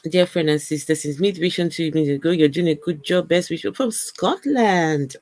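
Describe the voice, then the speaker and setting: A woman from Africa with a mixed African and British accent hosts a casual livestream, reading comments and chatting with her viewers. Her voice is lowish and darkish, at a moderate pace with few pauses, and there's no room sound. She's chatty, repeats words, and laughs often.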